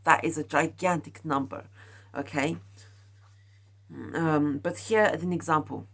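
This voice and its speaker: A woman's voice: deep voice, steady tone, unhurried, a bit bright. A young woman musing aloud about her own philosophy in a rambling casual monologue, full of fillers, restarts and calls of "guys". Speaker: vlogger sharing a personal philosophy.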